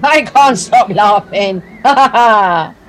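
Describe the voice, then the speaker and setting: An actor voicing a male talking big wheel in a children's audio story, slow and drawn-out, fond of puns and teasing. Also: medium pitch, expressive. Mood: giggling. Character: talking big wheel, male, bored then giggly trickster.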